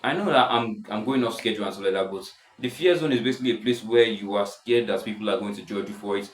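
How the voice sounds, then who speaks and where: A seventeen-year-old boy with a deep voice, rambling casually in a self-improvement vlog, full of restarts. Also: fast talker, echoey room, poor audio. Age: teens. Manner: rambling, many restarts and "stuff like that". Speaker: vlogger.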